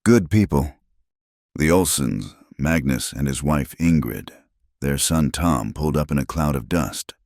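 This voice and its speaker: A man narrating a western story in slow, measured scripted narration. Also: a bass voice, a little mellow, dry recording, clean studio sound.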